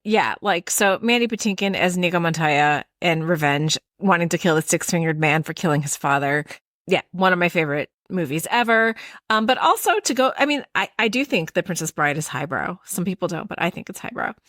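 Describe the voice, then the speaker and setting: A chatty woman co-hosting a podcast, with a lower voice than most. She rambles through her points with plenty of fillers and laughs easily. The sound is dry and close. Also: expressive, brisk, a bit bright, no room sound. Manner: chatty, laughs often, asks questions. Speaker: podcast co-host. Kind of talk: casual chat.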